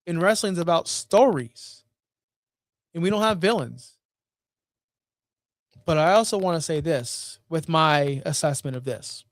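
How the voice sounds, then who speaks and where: Male host, casual rant commentary, blunt and exasperated, higher voice, dry sound. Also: expressive, moderate pace, dry recording. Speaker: wrestling show host.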